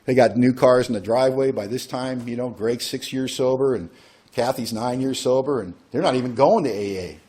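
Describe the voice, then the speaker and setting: A man with a dark, mellow voice talks to a recovery group in a relaxed, conversational way. He tells a personal story and slips into the voices of the people in it. His pitch sits in an ordinary middle range. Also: brisk. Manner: conversational, acts out quoted dialogue. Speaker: AA workshop speaker.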